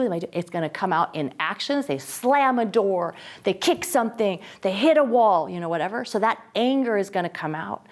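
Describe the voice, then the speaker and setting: A middle-aged woman giving a faith-based parenting talk, lively and animated, slipping into quoted voices. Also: medium pitch. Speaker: guest speaker on parenting and faith.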